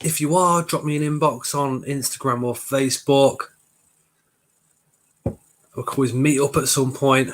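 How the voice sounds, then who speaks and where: A man's voice: medium pitch, steady tone, unhurried, long pauses, slight background noise. A man, hosting a casual live stream from his kitchen, greeting viewers by name while getting over a cold. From Coventry, England. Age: 40s. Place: home kitchen.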